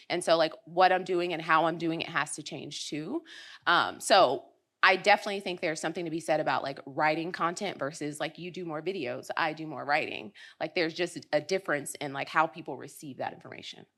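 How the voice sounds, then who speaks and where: A woman with a rather low but very bright, forceful voice, talking on a conference panel. She is chatty and loose, peppering her speech with "like" and "you know.". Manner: chatty, filler-heavy, laughs easily. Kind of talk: casual panel discussion.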